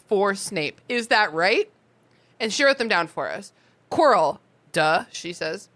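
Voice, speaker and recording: A woman co-hosting a podcast, reading listener mail aloud in a giggly, animated casual chat. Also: medium pitch.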